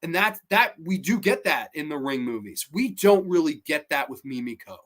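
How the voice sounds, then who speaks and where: Brief: male horror podcast host with a slightly high voice, loose and conversational, chatty and opinionated, swears now and then. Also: animated, normal speed, fairly bright tone. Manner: chatty and opinionated, with frequent fillers and occasional swearing. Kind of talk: casual film review monologue.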